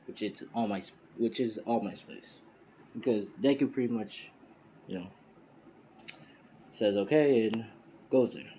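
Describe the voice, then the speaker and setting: A man's voice: lowish voice, unhurried, long pauses, mellow, a little hiss or hum. A man casually telling an improvised fan story in a loose, rambling way, recorded on a phone. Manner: rambling, loose, full of filler. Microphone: phone mic, screen recording.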